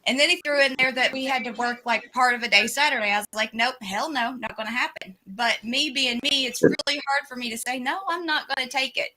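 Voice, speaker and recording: A woman's voice: sits high, fairly quick, few pauses, bright, forceful tone, poor audio. A woman chatting casually and telling a personal story. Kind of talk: casual chat.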